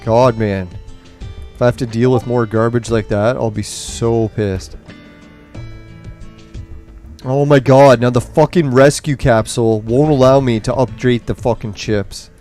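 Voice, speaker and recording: A man's voice: medium pitch, steady tone, a little slow, long pauses, dark tone, faint music behind. A man commentating on a mobile game as he plays, ranting angrily and swearing nonstop while in nicotine withdrawal. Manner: angry swearing rant. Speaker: gaming streamer.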